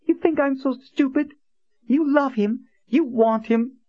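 A man voicing a scheming, jealous young woman who speaks in a shrill, accusing way, heard on a dull, lo-fi recording. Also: measured pace, no room sound. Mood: defiant.

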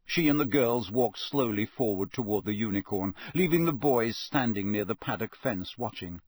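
A man reading a novel aloud as narrator, in a steady, measured storytelling voice that is slightly husky. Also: lowish voice, no room sound. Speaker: audiobook narrator.

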